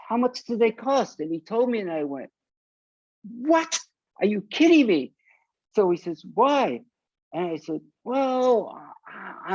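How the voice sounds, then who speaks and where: A man's voice: high-pitched, dry recording, lo-fi sound. An older man from South Florida, a punk singer, telling stories in an interview and acting out the voices of the people in them. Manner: animated storyteller acting out quoted voices. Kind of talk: casual storytelling interview.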